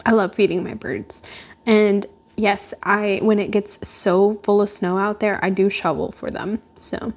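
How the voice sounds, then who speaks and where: Home vlogger, woman; unhurried, chatty and rambling, lots of fillers. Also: medium pitch, fairly even intonation. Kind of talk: casual chat. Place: at home indoors by a glass door.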